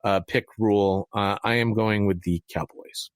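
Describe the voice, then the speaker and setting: A man's voice: lowish voice, normal speed, smooth, no echo. A man co-hosting a casual sports podcast, joking around and ranting in mock anger. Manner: lively, joking, mock-angry rants. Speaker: podcast co-host.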